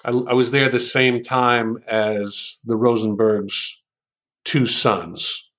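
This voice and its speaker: Brief: man from New York, guest in an interview, unhurried speaker who muses aloud with frequent fillers, mid-pitched voice. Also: steady tone, fairly bright tone. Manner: unhurried storytelling with many ums. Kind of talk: interview conversation.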